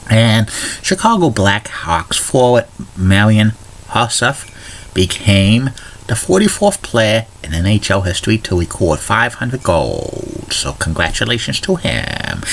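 Deep-voiced man reading a vlog news rundown. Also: a bit bright, slight background noise. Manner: reads news items and trivia in a plain, chatty delivery with small restarts. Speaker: video blogger. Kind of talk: casual morning video blog with news rundown.

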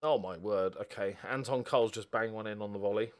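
A young man giving a football video game live commentary, excitable and sweary, moving between quiet muttering and loud outbursts. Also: fairly low pitch, normal speed, hardly any pauses. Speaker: gaming video host.

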